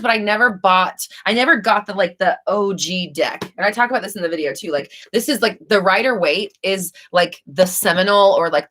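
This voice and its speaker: A woman's voice: on the low side, a bit bright. A young woman hosting a live stream, chatting casually and rambling with many fillers and restarts.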